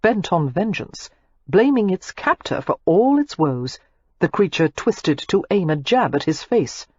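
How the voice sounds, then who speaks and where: Husky, expressive woman narrator. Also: on the low side, dry recording, muffled recording. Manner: expressive, measured storytelling. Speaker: audiobook narrator. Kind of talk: scripted romance narration.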